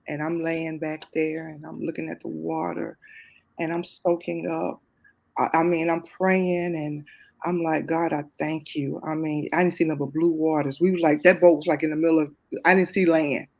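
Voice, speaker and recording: Gravelly middle-aged woman telling her story. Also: deep voice. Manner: lively, expressive, quick to laugh at herself; Southern casual speech. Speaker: guest. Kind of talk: personal storytelling.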